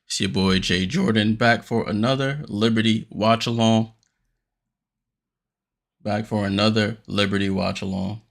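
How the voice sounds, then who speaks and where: A man hosting a watchalong stream, giving casual play-by-play commentary, a little out of breath and getting more energetic on big plays. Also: on the low side, measured pace, vocal fry. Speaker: watchalong host.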